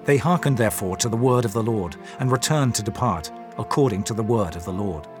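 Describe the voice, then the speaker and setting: A man's voice: on the low side, expressive. Male narrator reading scripture over music. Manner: measured, formal reading. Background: faint music.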